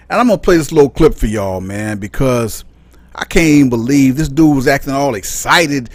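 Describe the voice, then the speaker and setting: A man's voice: medium pitch, animated, brisk, dry recording. A man hosting a casual commentary segment, talking in an exasperated, incredulous way and rambling with frequent restarts. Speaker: commentary channel host.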